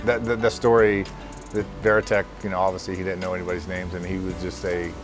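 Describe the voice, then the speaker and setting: A former teammate casually sharing a funny memory in an interview. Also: male voice, sits low, level tone, fast, over music. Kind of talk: anecdote in interview.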